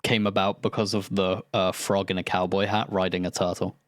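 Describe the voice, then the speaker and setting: Low-voiced game master, dry sound. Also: male voice, flat delivery, fairly quick, dry recording. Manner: loose and rambling, swears, laughs mid-sentence. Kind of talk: casual post-session chat.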